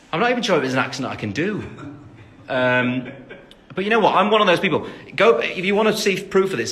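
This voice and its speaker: With a bright, forceful, medium-pitched voice, a young singer from England's West Midlands hosts a casual live-stream Q&A from his phone. He reads out fan questions in his English accent, peppering them with plenty of ums.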